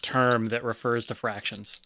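A man's voice: medium pitch, flat delivery, measured pace, gravelly, sharp tone, a little hiss or hum. A man playing a comedy tabletop game, chatty and joking. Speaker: player.

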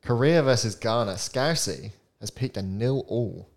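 A man's voice: mid-range voice, lively intonation, a little slow. A young man hosting a casual podcast chat, reading out score predictions and laughing often. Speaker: podcast host.

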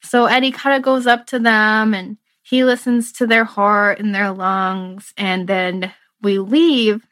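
A woman's voice: medium pitch, fairly even intonation, takes it slowly, a bit bright, no echo. A young woman in her twenties, a medical student, telling a personal story in an earnest, reflective way and laughing through its emotional moments. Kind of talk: casual conversational storytelling.

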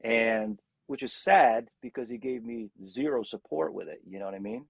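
A middle-aged rock singer tells stories from his career in a casual interview, animatedly voicing the people he quotes. His medium-pitched voice has vocal fry and a breathy edge, at normal speed, in lo-fi sound with no echo.

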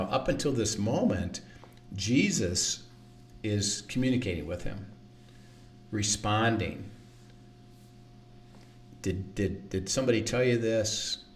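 A man's voice: on the low side, lively intonation, slow, pauses often, far from the mic, a little hiss or hum. A man teaching the Bible in conversation, earnest, acting out quoted lines and often repeating words.

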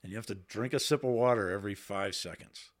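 Low-voiced man telling blunt stories. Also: fast. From Boston area. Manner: candid, swears freely, quotes himself in raised voice. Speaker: podcast guest, Navy veteran. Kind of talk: casual storytelling. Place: podcast studio.

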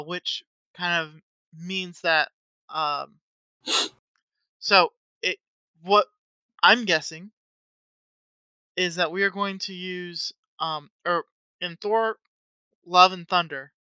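Female co-host, bright and smooth, excitable casual chatter, dry recording. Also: on the low side, slow, long pauses, no echo, dull audio. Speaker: podcast co-host. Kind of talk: casual chat.

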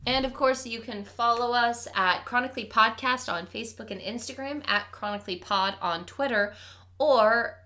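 A woman's voice: fairly high pitch, moderate pace, sharp tone. A woman hosting a podcast, chatty and playful, rambling through casual talk and sign-offs. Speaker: podcast host. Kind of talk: casual chat.

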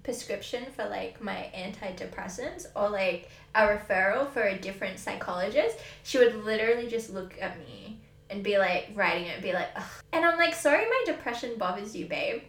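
A woman's voice: mid-range voice, lively intonation, brisk, few pauses, a bit bright, soft background music. A woman, a podcast co-host making sarcastic quips in casual chat. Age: 20s. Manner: sarcastic, mock-apologetic quips. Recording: echoey room.

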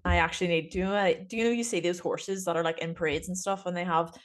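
A woman with a deep voice, a teacher co-hosting a casual podcast and rambling with lots of fillers. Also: steady tone, quick pace. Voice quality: deep voice, says so herself. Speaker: podcast co-host, primary school teacher. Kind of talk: casual chat.

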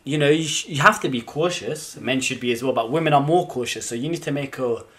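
A man's voice: medium pitch, quick pace, fairly bright tone. A young man, co-hosting a casual chat and giving direct dating advice, sometimes acting out example messages. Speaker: podcast co-host.

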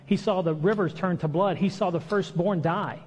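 A man's voice: high voice, moderate pace, a little mellow, husky, in a large hall. A man preaching a sermon in a conversational way, acting out the lines he quotes. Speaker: pastor. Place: church hall.

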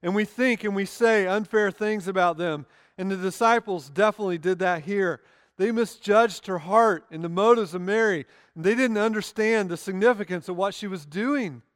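A male pastor preaches a sermon in an earnest, deliberate way, slowing down to stress key phrases. His voice sits high and comes across smooth and clear. The sound is dry and close, with little room echo. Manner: earnest preaching with slow emphatic pauses. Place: church sanctuary.

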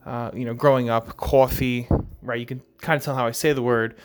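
A young man from Long Island with a New York accent, hosting a casual solo podcast in a relaxed, chatty way full of "uh", "you know" and "right?". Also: mid-range voice, fast. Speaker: podcast host.

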